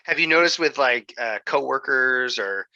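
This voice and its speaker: A man's voice: mid-range voice, animated, normal speed, bright, forceful tone, no echo. A man interviewing a guest, asking hesitant, roundabout questions full of fillers. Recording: dull lo-fi dry sound.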